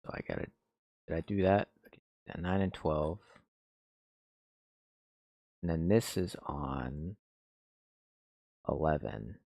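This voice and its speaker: A man's voice: very deep voice, lively intonation, slow, creaky, long pauses, a little mellow, no room sound, lo-fi sound. A man producing music on a stream, thinking aloud in a laid-back, slangy way and muttering half-finished thoughts as he works. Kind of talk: casual thinking-aloud commentary while mixing.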